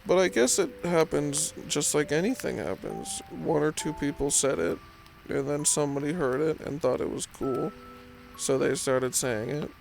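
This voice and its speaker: A man's voice: a little high, normal speed, vocal fry, darkish tone, faint music behind. A young man from California with a Californian accent, rambling in meandering late-night pillow talk and filling it with "like" and "um". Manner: meandering, self-deprecating, lots of "like" and "um". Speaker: host.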